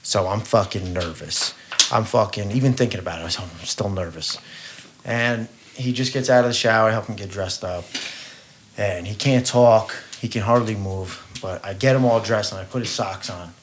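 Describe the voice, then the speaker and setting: A man's voice: lowish voice, moderate pace, noisy background. Blunt, profane man on a podcast. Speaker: podcast co-host. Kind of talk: casual podcast chat.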